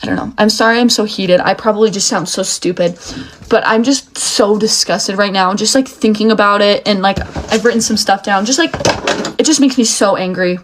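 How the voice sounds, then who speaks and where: A woman's voice: mid-range voice, brisk, a little hiss or hum. A young woman giving a heated, emotional rant straight to the camera, swearing often. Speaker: video commentator.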